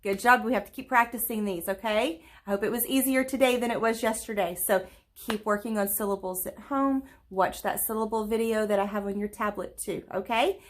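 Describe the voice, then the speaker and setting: Woman teacher, virtual lesson for small kids, slow, clear and encouraging, stretches words out when clapping them, middle pitch. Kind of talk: virtual lesson for young children.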